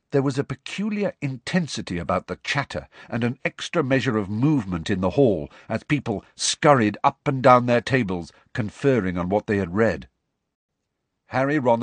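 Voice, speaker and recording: A man's voice: lowish voice, no echo. A man narrating a novel as an audiobook, telling it expressively. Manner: expressive storytelling. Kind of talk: scripted narration.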